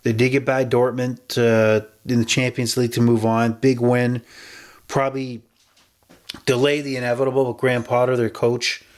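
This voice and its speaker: A podcast host runs through his sports betting picks in a mid-pitched voice at normal speed, keeping a level tone. He's chatty and rambling, often pausing to correct himself before moving on to the next pick.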